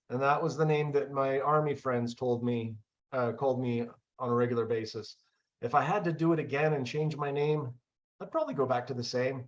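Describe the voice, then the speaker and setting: A good-humored man fields silly interview questions over a video call, easygoing and game for anything. His voice sits at an ordinary pitch, and the audio comes through slightly dull and lo-fi. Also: a little fast. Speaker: test speaker being interviewed. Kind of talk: playful casual interview answers.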